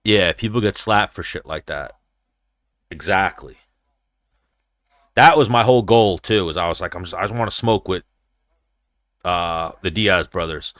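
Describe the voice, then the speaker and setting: A man's voice: low-pitched, unhurried, long pauses, a bit bright, no echo. A young man hosting a casual livestream, talking in a rambling, profane way and telling stories. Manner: profane, rambling storyteller who slips into impressions. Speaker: show host.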